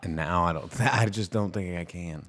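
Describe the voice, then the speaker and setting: A man co-hosting a casual movie-news podcast from a studio, sarcastic and quick to slip into exaggerated voices. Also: low voice, fairly bright tone. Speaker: podcast co-host. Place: recording studio.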